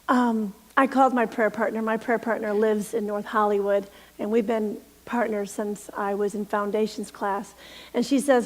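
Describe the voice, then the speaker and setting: A woman's voice: fairly high pitch, long reverb tail. A middle-aged woman minister giving an earnest, storytelling sermon and leading a guided prayer. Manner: earnest, storytelling, drops to soft emphatic whispers.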